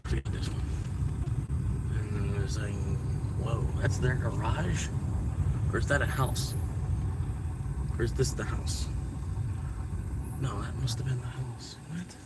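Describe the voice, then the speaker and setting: A man's voice: mid-range voice, a little slow, pauses often. Rambling man driving, road noise behind. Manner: rambling, chuckles often, talks to chat and himself. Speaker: delivery driver streaming a ride-along. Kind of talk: rambling live-stream chat. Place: inside a car while driving. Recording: distant mic with car road noise.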